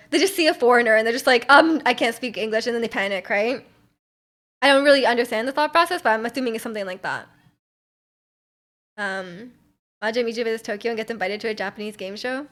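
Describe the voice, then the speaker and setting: A woman's voice: on the high side, lively intonation, fast, a bit bright. A young woman from Canada, streaming and chatting casually while reading viewer messages, rambling with lots of fillers and giggly asides.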